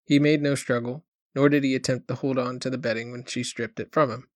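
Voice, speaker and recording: A man reading a short story aloud as an audiobook narrator, in a measured storytelling manner. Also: mid-range voice, fairly even intonation, dry recording. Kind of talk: scripted narration.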